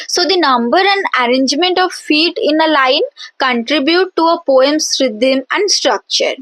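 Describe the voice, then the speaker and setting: Female teacher, high voice, slow and deliberate, lots of fillers, dry close recording. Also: fairly bright tone, no room sound, rough recording. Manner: drawn-out pronunciation of example words. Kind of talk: explanatory lesson.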